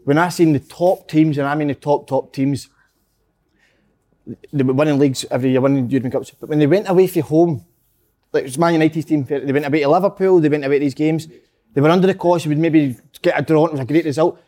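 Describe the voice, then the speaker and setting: A man's voice: fairly high pitch, quick pace, mellow. A young Scottish man giving his strong views on football at length, swearing in casual chat. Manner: opinionated, storytelling, swearing.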